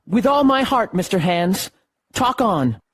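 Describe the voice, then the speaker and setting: A bold breathy young boy. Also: high voice, very animated, unhurried, a bit bright, voice pushed up, heavily acted. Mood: earnest. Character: bold young cabin boy, brave and earnest. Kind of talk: audiobook character voice.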